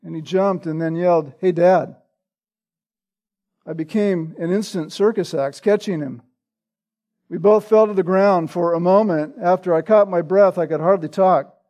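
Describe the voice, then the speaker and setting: A man preaching an expository sermon, earnest and deliberate, who often checks in with a rhetorical "right?" and repeats words for emphasis. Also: sits high, a little mellow. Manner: earnest, rhetorical, frequent "right?" tag questions; slow and deliberate with emphatic repetition. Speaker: pastor.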